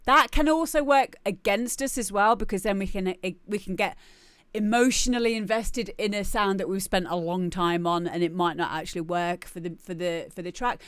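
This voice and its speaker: A woman's voice: medium pitch, clear, resonant tone, no echo. A woman talking casually on a live stream, chatty and repeating herself as she gives feedback on music. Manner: chatty, restarts and repeats words often.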